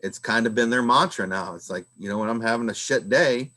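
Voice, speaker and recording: A man's voice: mid-range voice, brisk, bright, forceful tone. A man hosting a podcast, talking in a rambling, casual way full of filler phrases. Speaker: podcast host. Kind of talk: casual conversation.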